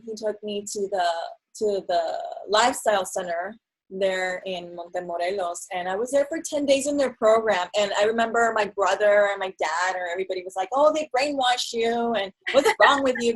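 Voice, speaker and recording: A young woman in casual conversation, telling her story in an animated way and acting out what others said. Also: mid-range voice, low-quality recording. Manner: animated storyteller, acts out quotes. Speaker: guest.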